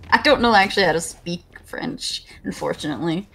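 A lively, giggly woman, chatting with friends over voice chat while they play a game. Her pitch bounces around a lot, and faint music sits behind her voice. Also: moderate pace, vocal fry. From American South. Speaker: streamer and voice actor. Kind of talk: casual gaming chat with friends.

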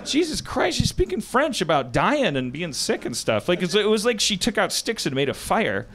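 A man's voice: high voice, sing-song, moderate pace, a bit bright. Rambling, stammering podcast host man. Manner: rambling, full of stammered restarts. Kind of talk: casual comedy chat.

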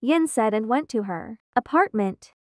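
A woman narrating a fan fiction story aloud in a plain, quick reading with small slips. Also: fairly high pitch, animated, no room sound, studio quality.

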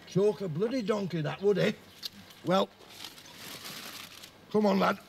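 An actor playing a coarse working-class gravedigger, trading gruff, crude banter on location. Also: male voice, high voice, measured pace, slight background noise. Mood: grumbling. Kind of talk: film acting. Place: outdoors on location. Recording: echoey location sound from a distance.

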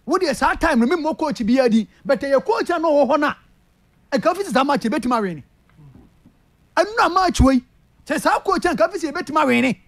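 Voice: high-pitched, animated, brisk. A football pundit with a Ghanaian accent argues passionately in a sports talk discussion, repeating points and addressing the host by name.

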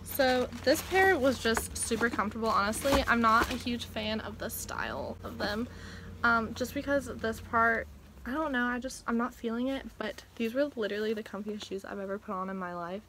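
A young woman chatting casually through a clothing haul vlog at home, speaking softly and sometimes half-whispering so as not to wake her family. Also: on the high side, animated, moderate pace, background noise. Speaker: vlogger. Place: at home indoors.

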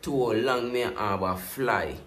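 A Jamaican man talks through a music reaction in loose, animated patois, circling back to his pet refrains again and again. His voice sits at an everyday middle pitch. The room around him is roomy, with a clear echo on every line. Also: takes it slowly. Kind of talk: casual music reaction commentary.

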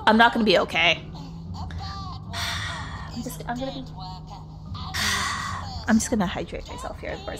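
A woman's voice: mid-range voice, fairly bright tone. A woman streamer chatting casually during a game livestream, greeting viewers, exclaiming at the game and laughing often.

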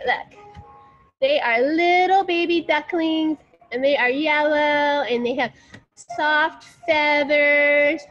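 A woman with a high, slightly bright voice leads small children through a dance class, telling a playful story full of movement cues. The room is echoey, with faint music in the background.

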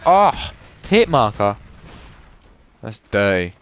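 A man's voice: on the low side, very animated, takes it slowly, fairly bright tone, clear, resonant tone. A young man giving sarcastic, profane commentary while playing a shooter game. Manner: sarcastic, swearing, frustrated. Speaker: gameplay commentator. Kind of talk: casual profane gameplay commentary.

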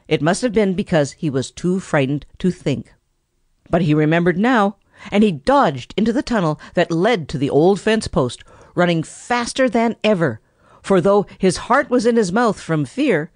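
A narrator reading a classic children's animal story aloud in a lively, expressive manner. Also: mid-range voice, no room sound, studio quality. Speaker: audiobook narrator.

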